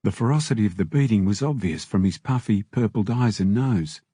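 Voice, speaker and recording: A man reading an audiobook in steady scripted narration on a close mic. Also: on the low side, fairly quick, slightly rough, no echo.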